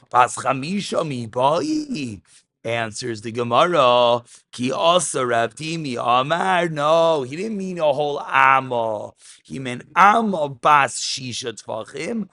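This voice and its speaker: A man teaching a Talmud class, animated, mixing English with Aramaic terms and raising his voice for emphasis. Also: fairly high pitch, a little slow, no echo, studio quality.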